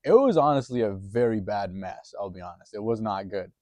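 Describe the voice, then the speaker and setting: A man's voice: on the low side, lively intonation, a little fast, darkish tone, no echo. A man telling a story in a rambling, profane, casual way, full of restarts and chuckles.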